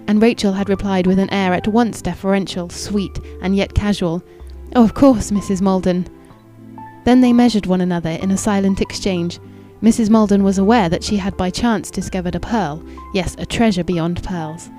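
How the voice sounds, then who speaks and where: Measured woman reading a novel, mellow tone. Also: medium pitch, soft background music. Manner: measured, even, formal reading. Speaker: audiobook narrator. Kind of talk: scripted narration of a classic novel.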